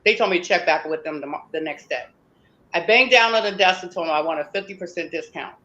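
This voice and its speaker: A woman's voice: lowish voice, lively intonation, quick pace, bright, forceful tone, muffled recording. A woman interview guest telling a personal story emphatically, acting out what people said to her. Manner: emphatic, acts out quoted dialogue.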